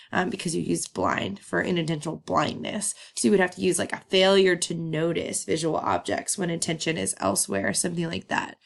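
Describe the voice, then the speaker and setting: Upbeat woman teacher recording a video lesson; a little gravelly, casual and chatty. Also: fairly low pitch. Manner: chatty, upbeat, laughs and says um often.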